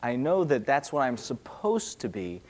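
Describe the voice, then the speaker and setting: A man's voice: mid-range voice, moderate pace. A man, a pastor, answering questions in a casual, conversational sermon, acting out small voices. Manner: conversational, animated, acts out little voices.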